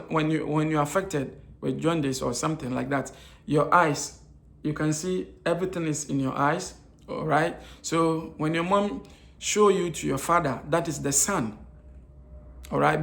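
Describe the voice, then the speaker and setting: There's vocal fry in this man's fairly high, slightly bright voice as he talks at normal speed. He's from Africa, giving an informal nutrition lecture where he asks and answers his own rhetorical questions, repeats his main points, and uses many hesitation fillers.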